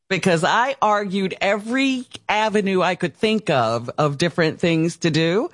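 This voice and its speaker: Lively older woman co-host, dry studio sound. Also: fairly low pitch, moderate pace, hardly any pauses, no room sound. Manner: animated storyteller, acts out quotes. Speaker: radio co-host. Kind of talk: candid talk-show conversation.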